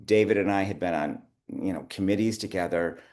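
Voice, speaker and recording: A man's voice: low-pitched, a little fast, darkish tone. A middle-aged man telling long, rambling anecdotes in an interview, acting out the dialogue and breaking off to laugh. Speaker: guest, theater producer. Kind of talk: conversational interview storytelling.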